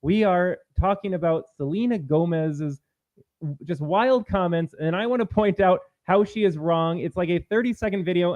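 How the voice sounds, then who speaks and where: A man's voice: fairly high pitch, no echo, lo-fi sound. A man hosting a live-streamed political commentary show, talking combatively and reading out viewer comments. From Minnesota.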